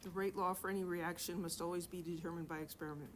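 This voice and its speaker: A middle-aged woman with a lowish, steady voice talks quickly while teaching chemistry. Chatty and joking, she questions her students during the classroom lecture, with slight noise in the background.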